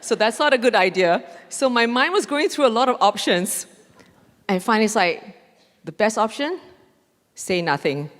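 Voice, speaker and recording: A woman, a mindfulness trainer telling a lively story on stage in a conference talk. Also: on the high side, moderate pace. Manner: animated, acts out dialogue with laughs. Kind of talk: storytelling lecture. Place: large conference hall. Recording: long hall reverb.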